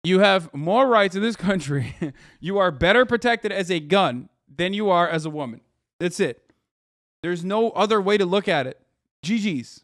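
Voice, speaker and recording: A man in his thirties rants on a live stream with a profane, sarcastic edge. His voice sits high for a man and comes through close and dry, with no room at all. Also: expressive, normal speed, a bit bright, no echo. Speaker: streamer reacting to news. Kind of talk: ranting casual commentary.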